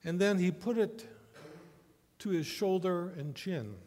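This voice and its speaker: Male pastor, slow deliberate sermon delivery, slightly high voice, church reverb. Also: darkish tone. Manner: measured storytelling with rhetorical questions. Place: church sanctuary. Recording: long church hall reverb.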